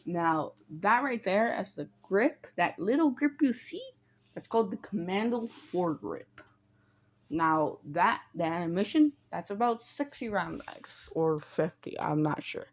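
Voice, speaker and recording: A woman's voice: lowish voice, expressive, a little slow. A woman casually retelling a fan story, rambling and stumbling over her words with lots of restarts and some offhand swearing.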